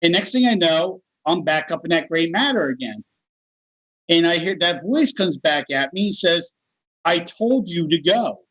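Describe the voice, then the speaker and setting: A middle-aged American man telling a personal story in a casual, animated interview. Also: a little high, normal speed, rough recording. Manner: animated, laughs while telling. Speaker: guest.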